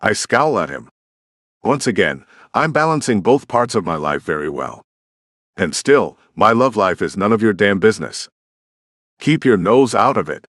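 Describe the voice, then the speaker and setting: A man narrating a first-person romance audiobook in an expressive, conversational storytelling manner. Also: fairly low pitch, moderate pace, dry recording, clean studio sound.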